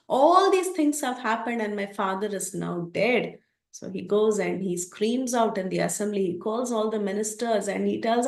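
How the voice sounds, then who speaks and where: A woman teaching a scripture class, telling the story expressively and acting out its characters, recorded in a roomy space. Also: on the high side. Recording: roomy echo.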